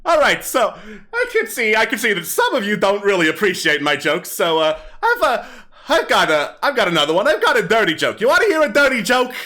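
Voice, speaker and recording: A man's voice: high-pitched, huge pitch swings, fairly quick, few pauses, bright, forceful tone, voice pushed up, exaggerated voice. A man voicing a sleazy male kobold comic who tells corny, crude jokes to a crowd. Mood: smarmy. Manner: brash, corny joke-telling to a crowd. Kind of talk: actual-play tabletop game.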